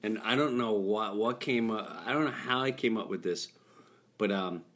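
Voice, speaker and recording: A man's voice: on the low side, normal speed, fairly bright tone. A middle-aged man hosting a casual chat in a hotel room, telling stories in a rambling, jokey way with lots of restarts. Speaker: podcast host. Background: construction noise.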